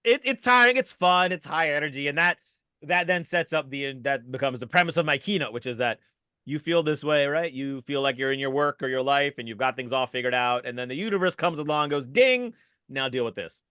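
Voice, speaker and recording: A man, a podcast guest and improv keynote speaker, explaining an exercise with animated energy over a video call. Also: a little high, clear, resonant tone, no room sound. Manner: animated, fast-talking.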